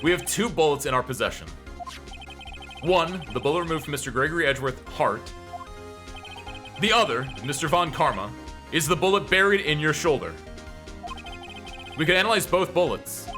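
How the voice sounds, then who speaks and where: A man's voice: fairly high pitch, animated, normal speed, long pauses, sharp tone, soft background music. A man reading as an earnest young defense lawyer.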